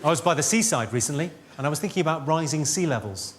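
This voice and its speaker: A man doing live stand-up comedy on a theatre stage, delivering crude deadpan one-liners and chatting with the crowd. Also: a little high, fast. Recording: loud audience noise at a live show. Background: audience laughter.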